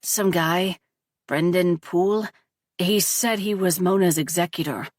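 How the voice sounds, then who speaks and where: A woman's voice: on the low side, unhurried, no room sound, clean studio sound, far from the mic. A woman reading the lines of an earnest teenage boy in a storybook, speaking plainly in her own voice. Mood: subdued. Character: teenage boy, son, shaken but hopeful.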